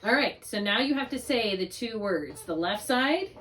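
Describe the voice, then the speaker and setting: A woman's voice: on the high side, expressive, normal speed, a bit bright. A middle-aged woman tutoring a student in spelling, patient and encouraging, drawing out syllables to model them. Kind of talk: one-on-one spelling lesson.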